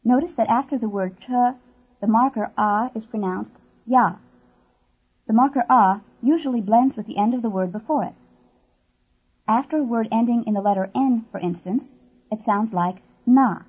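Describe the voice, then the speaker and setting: A woman narrating a language course tape, explaining words and grammar in clear, measured scripted narration. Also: a little high, narrow, tinny audio.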